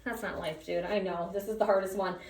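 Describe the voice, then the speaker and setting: A woman dog trainer explaining a session while coaching the dog with quick commands and bright praise. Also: fairly even intonation, creaky. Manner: talks to the dog between explanations, high praise bursts. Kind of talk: casual training commentary. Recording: echoey room from far off, faint noise.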